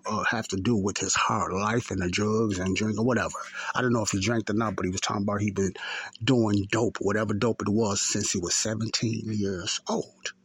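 A man's voice: on the low side, a bit bright, breathy edge. A man in his fifties hosting a podcast, telling a story in a rambling, repetitive way and often correcting himself. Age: 50s. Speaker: podcast host. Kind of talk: casual talk and storytelling.

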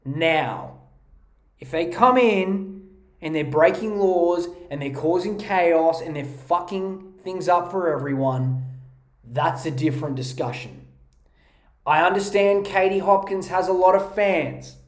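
Man, podcast host, profane mocking rant, high-pitched, roomy echo. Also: takes it slowly. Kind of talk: ranting comedic commentary. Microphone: podcast mic.

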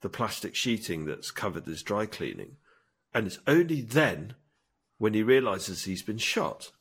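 A man's voice: lowish voice, very animated, measured pace, fairly bright tone, slightly rough. A man chatting casually as a podcast co-host, eagerly retelling a movie scene in detail. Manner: enthusiastic storytelling, acts out film lines. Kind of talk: casual chat.

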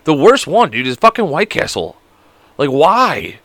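A man's voice: fairly high pitch, huge pitch swings, measured pace, vocal fry, fairly bright tone, no room sound. A young man hosting a casual solo podcast, joking around, rambling and swearing a lot. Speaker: podcast host.

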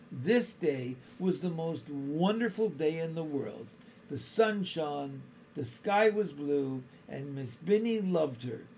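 A man reads a children's chapter book aloud, taking his time over every sentence. His voice sits a little high for a man. A faint hiss runs behind the reading. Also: darkish tone. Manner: slow, careful storytelling. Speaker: storybook reader.

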